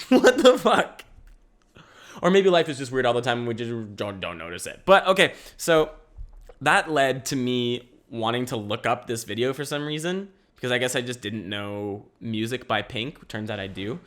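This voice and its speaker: Young male podcast host, energetic and rambling, casual chat from home. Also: mid-range voice, moderate pace. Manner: rambling and energetic, laughs often.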